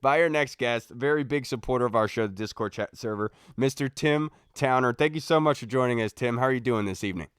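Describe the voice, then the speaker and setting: A man's voice: mid-range voice, fast, hardly any pauses, a bit bright, clean tone, dry recording, studio quality. A man hosting a casual sports podcast, chatting upbeat with guests and saying "dude" often. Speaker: podcast host.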